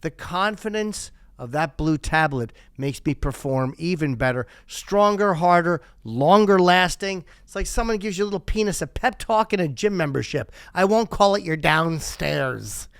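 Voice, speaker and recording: A man's voice: a little high, lively intonation, normal speed, hardly any pauses, fairly bright tone, dry recording, studio quality. A man in his fifties, a podcast host doing crude, sarcastic sponsor reads live and riffing off the script. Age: 50s.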